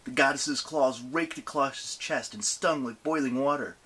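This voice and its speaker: A man reading a novel aloud as an audiobook narrator, with animated, expressive delivery. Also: mid-range voice, moderate pace, few pauses, breathy edge.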